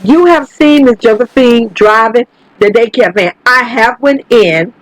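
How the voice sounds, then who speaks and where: A woman's voice: a little high, a little slow, no room sound, rough recording. A woman hosting her own channel, talking through her life-simulation game in a chatty way. She swears freely and keeps turning to her viewers. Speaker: gaming channel host. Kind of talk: casual gameplay commentary.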